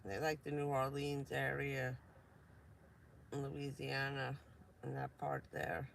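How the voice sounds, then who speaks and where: A woman's voice: extremely low pitch, flat delivery, slow, vocal fry, slight background noise. A woman from New Jersey chatting casually on a vanlife live stream, rambling and laughing often.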